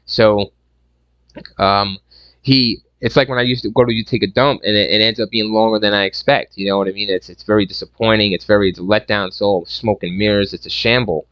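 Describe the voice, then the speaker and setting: A man's voice: fairly low pitch, steady tone, a little fast, clean tone, no echo, highs cut off. A man giving a casual, profane and rambling movie review rant, sarcastic and full of restarts.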